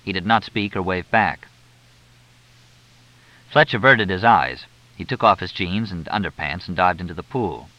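A man with a lowish, bright, very lively voice reads a novel aloud with expressive narration. The recording is dry and somewhat dull and lo-fi. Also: normal speed, pauses often, no echo. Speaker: audiobook narrator. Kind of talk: scripted narration.

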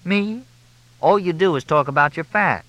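A man's voice: mid-range voice, expressive, sharp tone, no room sound, pitched above the performer's own voice. A man voicing a chatty, self-mocking woman who teases her friends. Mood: teasing. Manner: teasing, quick-witted.

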